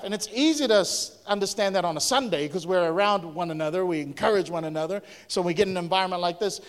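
A man's voice: sits high, brisk. Conversational man preaching in a reverberant church. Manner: lively, conversational preaching with audience questions. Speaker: pastor. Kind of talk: sermon. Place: church hall.

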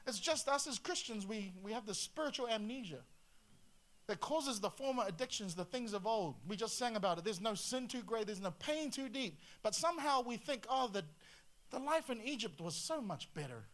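Animated high-voiced male pastor preaching. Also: moderate pace. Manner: animated, rhetorical questions, jumps between loud and quiet. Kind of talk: sermon.

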